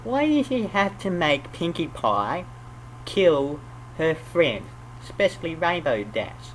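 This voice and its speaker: A man voicing a grumpy pet dog who gives a slow, sullen opinion and trails off quietly. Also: on the high side, big pitch swings, slight background noise, voice pushed up, poor audio.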